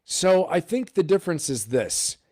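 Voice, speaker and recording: A man hosting a casual live stream, talking straight to his viewers, animated and full of rhetorical questions. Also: fairly high pitch, normal speed, dry recording, clean studio sound.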